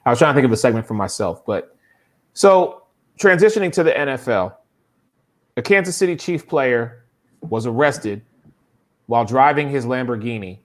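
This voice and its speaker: A man hosts a live sports talk show in a casual, animated way. His voice sits at a middle pitch, and he exclaims and fires questions at his panel. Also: normal speed, long pauses. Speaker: podcast host.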